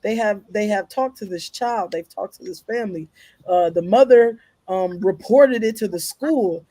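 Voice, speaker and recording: A parent on a podcast panel speaking earnestly and haltingly, with frequent fillers. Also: medium pitch, dark tone, no echo.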